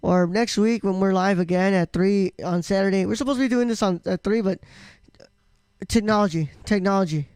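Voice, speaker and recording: A man's voice: high-pitched, a little fast, darkish tone, smooth, dry recording. A man co-hosting a casual live-stream podcast, rambling with lots of fillers and restarts. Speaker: podcast co-host.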